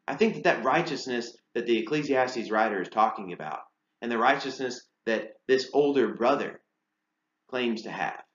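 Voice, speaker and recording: A man preaching a sermon at a middling pitch, talking plainly and asking his listeners rhetorical questions. His voice carries a roomy echo, and the recording sounds a bit muffled. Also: expressive, normal speed. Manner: conversational, asks rhetorical questions, uses fillers. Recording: roomy and slightly dull sound.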